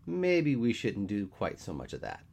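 A man playing a deadpan, teasing guy in his thirties, dry and wry with his friend. The voice is lowish with lively swings in pitch in a read-aloud story. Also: measured pace, creaky, heavily acted. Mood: deadpan, exasperated.

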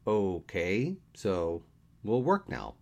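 A patient man teases his friend with dry humor, as a male reader puts him on. The delivery moves freely in pitch, in a storybook reading. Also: very animated, drawn-out words, creaky, darkish tone, heavily acted.

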